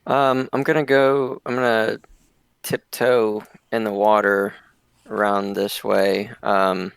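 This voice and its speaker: A man plays an online tabletop game. He spells out his character's actions carefully in first person, with fillers. His voice is low and gravelly, and the sound is dry and close. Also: little pitch movement, takes it slowly, no room sound. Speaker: player.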